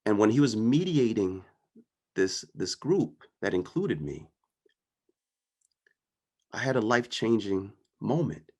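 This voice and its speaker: A man's voice: on the low side, sing-song, takes it slowly, pauses often, a little mellow. A man giving a personal storytelling talk in an earnest, conversational way, often checking in with the audience. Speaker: guest speaker.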